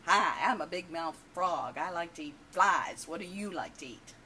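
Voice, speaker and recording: A woman voicing an obnoxious, loudmouthed male frog, telling a joke in a distant, noisy home recording. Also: fairly low pitch. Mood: boastful. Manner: loud, slow, boastful greeting.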